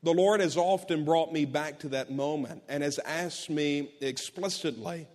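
A man's voice: fairly high pitch, measured pace, few pauses, a little mellow. A middle-aged man preaching a sermon, telling a personal story in an earnest way with many restarts. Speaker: pastor. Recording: long hall reverb.

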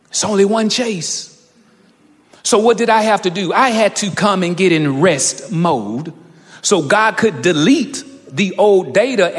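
In a large, reverberant space, a thirtysomething male pastor preaches, recounting something from his own life until he reaches a fervent peak. His pitch runs somewhat high.

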